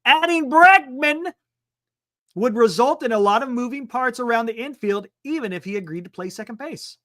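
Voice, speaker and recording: A man hosting a sports talk livestream, reading an article aloud and breaking off for quick excited asides. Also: very high voice. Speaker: sports talk show host. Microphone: streaming setup microphone.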